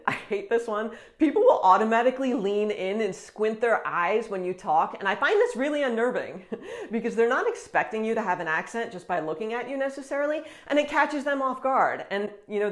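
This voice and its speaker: An American woman talking casually to camera as a vlogger, chatty and animated, with frequent quick laughs. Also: on the high side. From United States.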